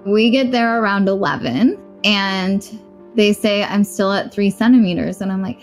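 A young woman tells her own story in a podcast interview, plain-spoken and blunt, slipping into the voices of the people she quotes. Her pitch sits in an ordinary middle range. A soft bed of music runs faintly beneath her. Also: normal speed. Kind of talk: personal storytelling.

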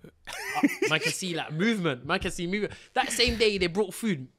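A young British man, telling a story as a podcast guest in slangy, animated chat and laughing often. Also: high-pitched, moderate pace. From Britain. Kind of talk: casual storytelling.

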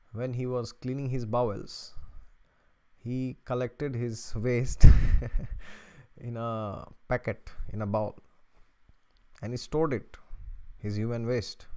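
A man hosting an astrology video channel, telling a story in a casual, chatty way and often breaking into chuckles. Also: medium pitch.

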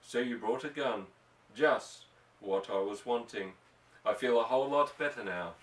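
Storybook rancher, gruff and firm, as a male reader plays him, echoey room, mic set far off. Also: mid-range voice, unhurried, natural voice. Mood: calm. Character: gruff, steady rancher husband. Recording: roomy, distant mic.

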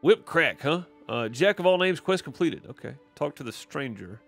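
A man's voice: a little high, lively intonation, moderate pace, vocal fry, a bit bright, soft background music. A man with a Mississippi Southern accent, chatting casually as he streams a game and answers chat, rambling with lots of fillers. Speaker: gaming streamer. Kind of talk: casual live gameplay commentary.

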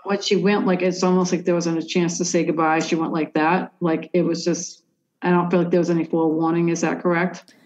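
A woman with a lowish voice works through a psychic reading, hesitating, restarting and leaning on "like" as she goes. The sound is dull and lo-fi. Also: level tone, fairly quick, a little mellow. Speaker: psychic medium. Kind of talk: conversational reading for a sitter.

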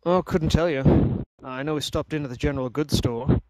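A man's voice: on the high side, moderate pace, darkish tone, a little hiss or hum, lightly acted, low-quality recording. A man voicing a friendly fisherman villager in a tabletop game, talking in a folksy, chatty way. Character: friendly middle-aged male fisherman villager.

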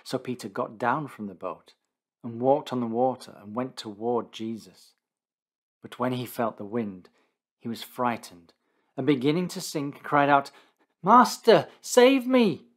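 A man narrating a condensed Bible reading in a steady, deliberate scripted style. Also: mid-range voice.

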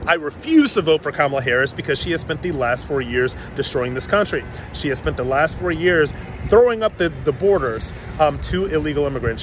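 A man's voice: a little high, background noise. A man making a firm, defiant political statement to camera.

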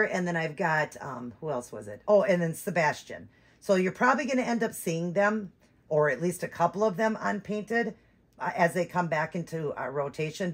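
A woman's voice: fairly low pitch, slightly rough. A woman hosting her channel, chatting casually and rambling, with many fillers and restarts. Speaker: doll-collecting channel host. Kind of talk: casual chat.

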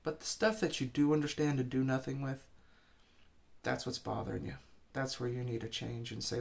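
A man's voice: mid-range voice, steady tone, normal speed, vocal fry. A man preaching an informal sermon, urging listeners with earnest, repeated exhortations.

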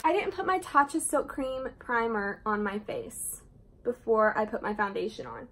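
Her fairly high, expressive voice moves at a moderate pace with a slightly bright tone. She is a young beauty vlogger from Southern Indiana with a Southern US accent, casually rambling as she applies makeup at home, with frequent laughs and asides.

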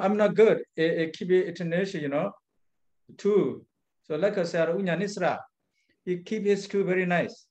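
A man who is a monk teacher, leading an Abhidhamma class in halting English, chanting Pali phrases with careful pauses. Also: high-pitched, a little mellow.

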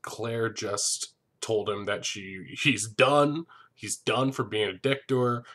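A man hosting a comedic TV recap, talking in a sarcastic, profane way with deadpan asides. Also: fairly low pitch, takes it slowly.

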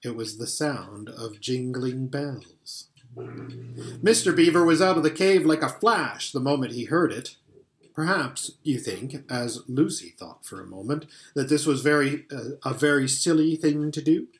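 A man reading a children's storybook aloud in an expressive way, now and then stumbling and restarting a phrase. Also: mid-range voice, a little slow. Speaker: audiobook reader.

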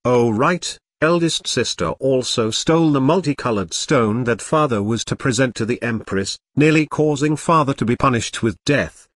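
A man voicing a sharp-witted young noblewoman, reading her lines in a level, composed way for an audio novel. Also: medium pitch, normal speed, hardly any pauses, dry recording, studio quality, close to an everyday voice. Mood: calm, pointed.

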